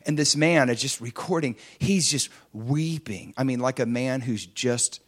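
A middle-aged man preaching a sermon, impassioned, swinging between loud emphatic lines and soft hushed ones. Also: medium pitch, a little slow, slightly rough.

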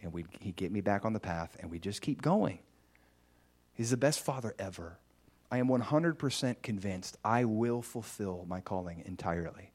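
With a husky voice and moderate pace, a man preaches, narrating his testimony energetically and erupting now and then into high, excited bursts.

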